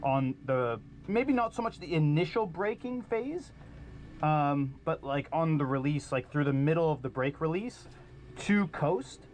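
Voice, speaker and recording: A man's voice: fairly high pitch, animated, measured pace, darkish tone. A man who races cars, describing how the car handles in a hesitant technical debrief full of ums. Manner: hesitant, lots of ums, precise technical wording. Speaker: racing driver giving car feedback.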